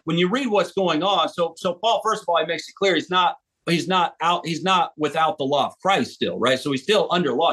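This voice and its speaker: A man's voice: fairly high pitch, a bit bright, slightly rough. An American man, an author and street preacher, talking earnestly in a podcast interview and often restarting his sentences. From United States. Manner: earnest, emphatic, with frequent restarts.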